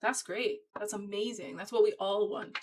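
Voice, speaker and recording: Woman doing a tarot reading on camera, chatty, pushy encouragement, mid-pitched everyday voice. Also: steady tone, moderate pace, a little hiss or hum, rough recording. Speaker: tarot reader.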